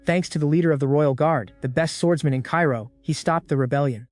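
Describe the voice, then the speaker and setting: A man's voice: a little high, a little fast, darkish tone, no echo, soft background music, close to an everyday voice. Een man die voorleest als een opdringerige koninklijke gezant. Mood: persuading. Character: pushy, anxious royal envoy man.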